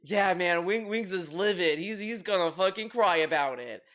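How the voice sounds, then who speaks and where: High-voiced man rambling through casual commentary. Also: animated, normal speed, fairly bright tone. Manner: rambling, profane, repeats words and restarts often. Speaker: commentary video host.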